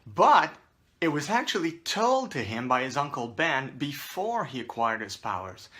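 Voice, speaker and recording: A man's voice: mid-range voice, sing-song, unhurried, sharp tone. A man hosting a casual talk, chatting to camera with rambling asides, frequent fillers and restarts. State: out of breath. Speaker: host.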